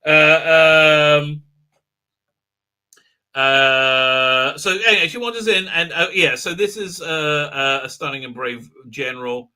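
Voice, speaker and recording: A man's voice: a little high, slow, pushed and bright, clear, resonant tone. A man hosting a live stream, ranting sarcastically with many filler sounds. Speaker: host.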